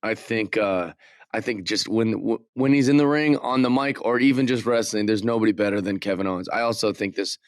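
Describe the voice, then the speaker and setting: A man co-hosting a wrestling podcast, talking casually with halting, enthusiastic speech and frequent laughs. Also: on the low side, no room sound, studio quality. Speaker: podcast co-host.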